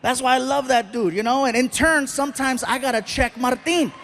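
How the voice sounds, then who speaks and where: A man telling stand-up comedy stories in an animated, self-mocking way. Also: extremely high pitch, brisk, a little hiss or hum. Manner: animated, self-mocking, acts out the voices of others.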